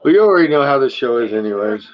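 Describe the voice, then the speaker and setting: A man hosting a casual talk show, chatting loosely with slang and a relaxed, rambling manner. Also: mid-range voice, racing. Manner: laid-back, rambling with slang. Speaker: podcast host. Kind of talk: casual chat. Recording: dull lo-fi sound.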